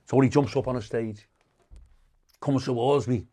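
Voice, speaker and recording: An older British man, a comedian, telling profane, animated stories in casual podcast talk. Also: medium pitch, normal speed, a little hiss or hum. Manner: profane, animated anecdotes, acts out quoted insults loudly. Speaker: comedian guest.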